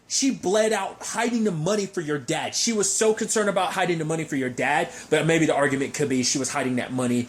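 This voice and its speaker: A man casually recapping a TV episode, rambling and animated, with frequent fillers and restarts. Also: on the high side, fast talker, hardly any pauses. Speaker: TV show recapper.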